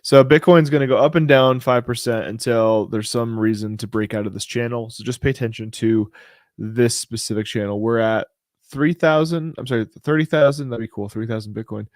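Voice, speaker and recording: A man's voice: medium pitch, a little fast, a little mellow, no room sound, clean studio sound. A man hosting a casual crypto show, talking through price charts in a rambling, chatty way with lots of fillers and restarts. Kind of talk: casual live chart commentary.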